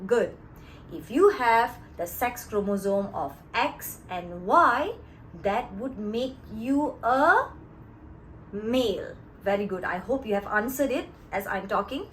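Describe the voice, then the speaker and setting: A woman teacher explains a lesson in a slow, deliberate way, leaning hard on key words and often stopping to check that her students follow. Her fairly high voice swoops up and down with lots of movement. Faint ambient noise sits underneath. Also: poor audio. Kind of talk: classroom lesson.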